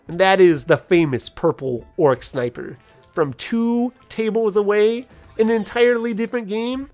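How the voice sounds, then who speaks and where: A man's voice: sits high, unhurried, faint music behind. A man giving casual, jokey, rambling commentary while playing a video game. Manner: rambling, animated, jokey storytelling. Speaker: let's play commentator.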